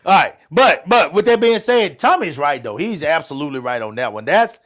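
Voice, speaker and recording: Man, middle-aged, casual talk, swearing, voice jumps up and down a lot, slightly high. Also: a little fast. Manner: animated, swearing, swings between loud outbursts and quiet asides. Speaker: podcast co-host. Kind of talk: casual chat with listeners.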